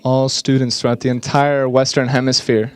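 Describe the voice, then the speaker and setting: A man giving an earnest, slightly halting English voice-over interpretation of speakers at a conference. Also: mid-range voice, little pitch movement.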